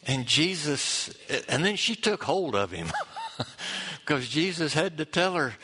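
A man preaching a sermon, reading scripture aloud and acting out the quoted lines with chuckles and pauses. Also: on the high side, very animated, sharp tone, slightly rough. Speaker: pastor.

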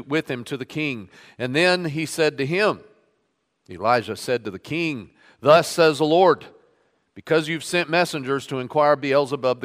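Male pastor, mid-pitched, sermon reading with emphatic quotes; church hall reverb. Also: a bit bright. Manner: reads scripture aloud with rising emphasis on quoted lines. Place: church sanctuary.

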